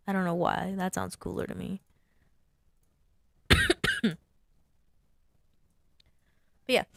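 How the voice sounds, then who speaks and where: A woman's voice: mid-range voice, gravelly, dry recording, clean studio sound. A woman sign designer talking casually through her design work, thinking aloud and muttering to herself at a desk mic. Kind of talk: casual screen-share design walkthrough.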